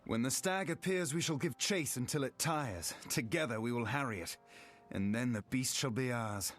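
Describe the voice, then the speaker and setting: A man's voice: medium pitch, normal speed, a bit bright, a little hiss or hum, lightly acted. A man voicing a solemn wounded elf hunter. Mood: eager. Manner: solemn, formal and determined. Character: wounded earnest young male elf hunter. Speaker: game character. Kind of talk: video game voice acting.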